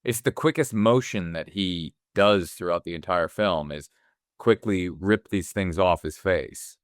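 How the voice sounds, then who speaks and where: In studio-quality sound with no echo, a low-voiced man in his forties co-hosts a casual movie podcast. He talks animatedly, acting out scenes from a film in quick voices.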